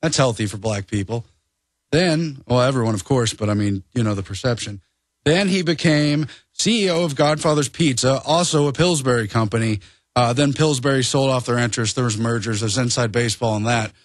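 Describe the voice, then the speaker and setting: A male reporter on a talk radio show giving brisk commentary that lists facts. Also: medium pitch, dry recording, studio quality.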